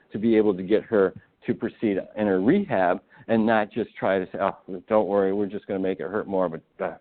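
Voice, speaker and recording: A man giving a continuing-education talk to physical therapists, emphatic and full of rhetorical questions. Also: medium pitch. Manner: emphatic, rhetorical questions, acts out patient quotes. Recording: tinny phone-like webinar audio.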